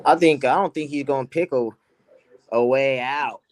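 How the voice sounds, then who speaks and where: A man's voice: medium pitch, normal speed. A man, a guest pro fighter, trash-talking brashly and profanely in a casual podcast chat on a close mic.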